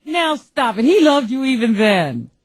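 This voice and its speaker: A woman's voice: a little high, sing-song, unhurried, dry recording. A woman co-hosting a radio show in casual banter, with laughing and teasing reactions. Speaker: radio co-host.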